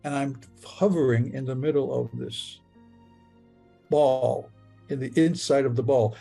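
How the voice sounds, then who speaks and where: Gravelly man telling a story haltingly. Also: medium pitch, dark tone, faint music behind. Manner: halting, stammering, repeats words. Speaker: near-death experience witness. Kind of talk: first-person retelling in the present tense.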